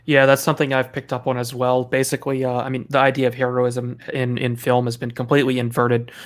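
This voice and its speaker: A man of middle pitch speaks in a flat, even tone with little rise and fall. He talks steadily through his points in a casual panel discussion. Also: quick pace. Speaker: panel guest.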